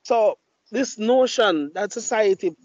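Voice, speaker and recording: A man's voice: sits high, expressive, takes it slowly, darkish tone, dry recording. A man hosting a podcast, telling blunt, profane stories in casual chat. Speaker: podcast host. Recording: dull lo-fi mic.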